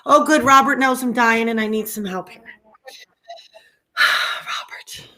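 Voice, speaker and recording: A woman's voice: a little high, takes it slowly, sharp tone. A middle-aged woman hosting a casual livestream, impassioned and often repeating herself, her stream sometimes choppy. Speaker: livestream host. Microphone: internet stream with choppy audio.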